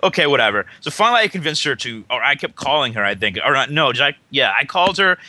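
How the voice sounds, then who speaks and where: A man on a casual podcast telling a long story, rambling, heavy on swearing, quoting both sides of each exchange. His voice is very bright and forward, with a dry, close sound. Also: medium pitch, sing-song, fast talker, no echo. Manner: rambling, profane storytelling, acting out both sides of texts and calls. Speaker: podcast co-host. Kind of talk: casual chat.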